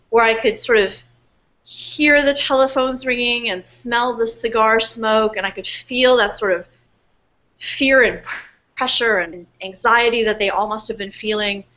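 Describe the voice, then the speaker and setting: A woman author telling the story behind her book in an earnest, animated way, full of fillers and restarts, speaking from home over a webcast. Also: a little high, lo-fi sound. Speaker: author being interviewed. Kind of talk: casual storytelling interview. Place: home in New York, remote webcast.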